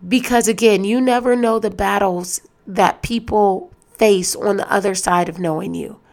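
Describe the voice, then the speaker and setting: Exasperated woman with a gravelly edge. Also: mid-range voice, moderate pace. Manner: animated and exasperated, talks straight to listeners; loose and conversational, with restarts. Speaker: podcast host. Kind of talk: solo podcast rant.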